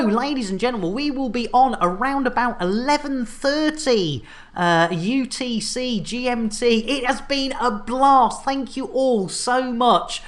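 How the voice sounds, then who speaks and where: Lady streamer rambling happily to chat, voice jumping all over the place. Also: on the high side. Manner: animated, chatty, full of fillers and thank-yous. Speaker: game streamer. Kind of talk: casual live-stream chat.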